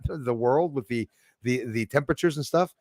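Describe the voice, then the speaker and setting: A man's voice: medium pitch, moderate pace, darkish tone, dry recording, studio quality. Rambling, laughing man. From Quebec, Canada. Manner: laughs often, rambling, crude jokes. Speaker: channel host. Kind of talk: casual chat.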